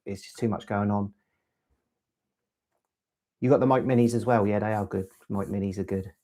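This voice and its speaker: A man's voice: fairly low pitch, fairly even intonation, moderate pace, dark tone. A man hosting a casual live stream, chatting in a rambling way and answering viewers' questions about gear. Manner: rambling, chatty, reads chat aloud. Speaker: LEGO channel host.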